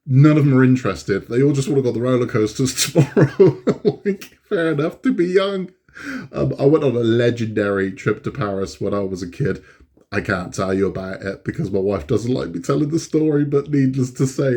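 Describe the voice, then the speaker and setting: A man's voice: fairly low pitch, a little mellow. A middle-aged man, hosting a casual, rambling weekly catch-up and laughing often as he talks. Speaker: channel host. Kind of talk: casual chat.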